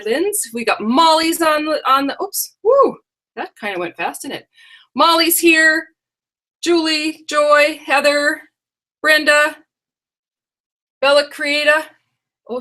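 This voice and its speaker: A woman's voice: sits high, pushed and bright. A middle-aged woman hosting a live stream on her computer, talking in a chatty, rambling way and often correcting herself. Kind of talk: casual live-stream chat. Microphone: computer microphone.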